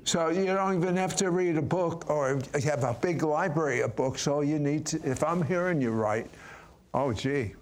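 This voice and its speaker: A man's voice: on the high side, moderate pace, slight background noise. An older man hosting an interview, asking questions with joking asides. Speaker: show host.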